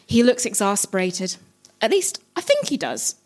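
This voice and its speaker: High, lively giggly woman comedian. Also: fairly quick. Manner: giggly, self-mocking. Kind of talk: reading comedic fan-fiction aloud.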